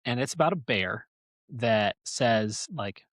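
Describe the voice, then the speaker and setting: A man's voice: medium pitch, a little fast, no room sound. A man hosting a podcast, telling a story casually in a rambling, joking way. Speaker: podcast host. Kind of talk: casual chat.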